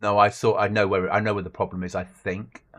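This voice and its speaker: A man's voice: lowish voice, level tone, brisk, a bit bright. A man chatting casually and swearing while livestreaming a survival game with friends. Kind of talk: casual gaming chat.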